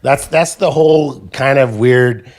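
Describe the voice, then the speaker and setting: A man's voice: medium pitch, a little slow, a little mellow. A married man co-hosting a podcast, asking joking questions and making wry asides in crude casual chat.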